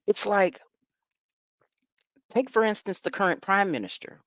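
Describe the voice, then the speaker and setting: A man hosting a show, reacting to news clips in a casual, profane way, loud and laughing, swinging from shouts to mumbles. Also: sits high, a little slow, no echo, studio quality. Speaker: host.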